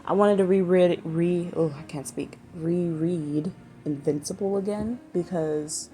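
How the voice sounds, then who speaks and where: Woman, casual vlog chat, rambling and swearing, dark mellow voice, faint music behind. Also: on the low side. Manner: rambling, swears freely, trails off mid-sentence. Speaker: vlogger.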